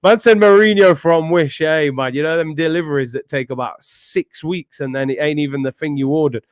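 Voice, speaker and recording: A young man with hosting a casual football fan live stream, chatty and animated, answering viewers' messages. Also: a little high, a little fast, dry recording, studio quality. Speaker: football fan show host.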